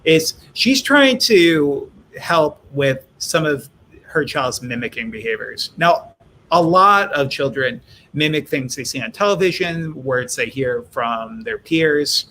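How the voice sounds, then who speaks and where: A man's voice: fairly high pitch, expressive, takes it slowly, bright, forceful tone, a little hiss or hum. A man hosting a live-streamed interview on a video call, reading viewer questions aloud and rephrasing them for his guest. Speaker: host.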